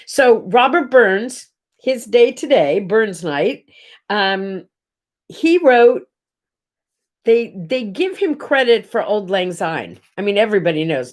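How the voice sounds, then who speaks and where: A woman's voice: medium pitch, big pitch swings, takes it slowly. A middle-aged woman hosting a casual live morning chat, rambling and greeting viewers by name. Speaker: host.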